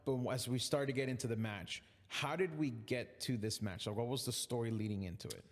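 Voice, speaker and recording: A man hosts a podcast in relaxed, joking conversation, with loose phrasing and frequent fillers. His voice sits at an ordinary middle pitch. A long reverb trails his words. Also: a little fast. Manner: laid-back, joking, lots of fillers. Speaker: podcast host. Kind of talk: casual chat.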